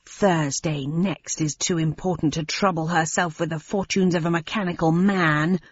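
A woman's voice: low-pitched, steady tone, moderate pace, husky. A woman voicing a paranoid, scheming male alien ringleader in an audiobook, ranting and thinly accusing. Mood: cold. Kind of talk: audiobook reading. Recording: dry, slightly dull lo-fi sound.

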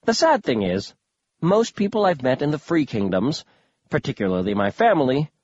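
A man's voice: medium pitch, darkish tone, breathy edge, no room sound, highs cut off. A man narrating a story in the first person, with a wry, conversational manner. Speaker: audiobook narrator.

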